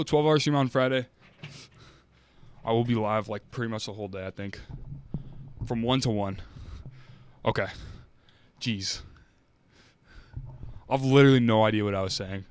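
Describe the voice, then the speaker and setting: A man's voice: medium pitch, clean tone. A young man live-streaming, rambling casually with lots of filler words and restarts.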